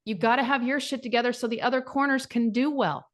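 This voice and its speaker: Woman, 40s, divorce coach; emphatic, blunt, salty language, voice on the higher side. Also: fast. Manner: blunt, swears freely, emphatic. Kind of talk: casual podcast chat.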